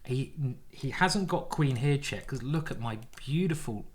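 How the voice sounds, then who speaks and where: Excitable male chess commentator thinking aloud. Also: mid-range voice, unhurried. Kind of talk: live game commentary.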